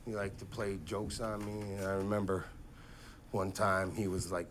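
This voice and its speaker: A man doing stand-up comedy on stage, telling animated stories from his life into a handheld mic. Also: low voice, slight background noise. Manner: animated, quick to act out quotes. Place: comedy stage before a live audience.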